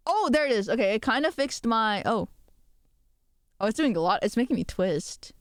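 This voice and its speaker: A woman's voice: on the high side, animated, moderate pace, clear, resonant tone, no room sound, clean studio sound. A woman streamer chatting casually with her chat, rambling and giggling as she talks. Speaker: VTuber streamer.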